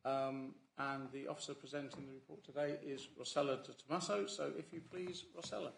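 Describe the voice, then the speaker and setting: Guy chairing a council meeting, gravelly voice, lots of ums, roomy echo. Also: medium pitch, steady tone. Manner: halting, with fillers and self-corrections. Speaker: committee chair. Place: council chamber. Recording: echoey council chamber with faint room noise.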